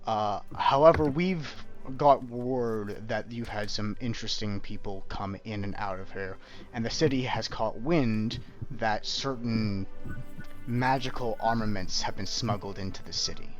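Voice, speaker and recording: A man's voice: lowish voice, measured pace, soft background music, close to an everyday voice. A man doing a stern, suspicious constable. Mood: stern, probing. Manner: cool, probing, authoritative. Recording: dull lo-fi stream audio.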